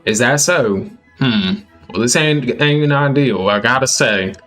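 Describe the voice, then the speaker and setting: A man's voice: medium pitch, a little slow, a bit bright, soft background music, natural voice. A man voicing a hospitable old country father in a put-on Southern US drawl, folksy and drawling.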